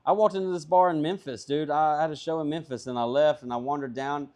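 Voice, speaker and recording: A man's voice: on the high side, fast talker. A man, a comedian guest, telling a long story casually, swearing freely and acting out everyone's lines. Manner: profane, animated, acts out dialogue.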